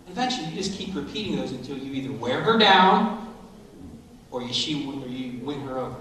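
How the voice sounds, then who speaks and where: A middle-aged man, a speaker at a school assembly, coaching students through a role-play with jokes and animated energy. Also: mid-range voice, brisk, a crowd in the background. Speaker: motivational speaker. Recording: very echoey hall, from far off.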